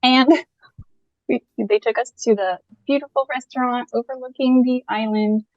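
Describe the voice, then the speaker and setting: A woman from Canada, a podcast guest, telling a personal story in a lively, casual way and laughing often as she goes. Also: a little high, normal speed, no echo, muffled recording.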